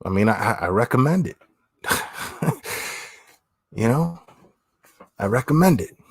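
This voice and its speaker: A man holds forth on his livestream in a blunt, profane way, repeating himself for emphasis. His voice is husky and swings up and down a lot. The sound is dry and close. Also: mid-range voice, sing-song, a little slow, no echo. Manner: blunt, swearing, repeats phrases, says "man" often. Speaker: livestream host. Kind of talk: blunt opinionated livestream talk.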